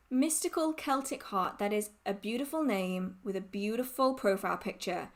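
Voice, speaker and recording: A woman's voice: mid-range voice, normal speed, few pauses. A woman hosting a casual livestream Q&A, reading out viewer questions and answering them in a giggly, rambling, emotional way.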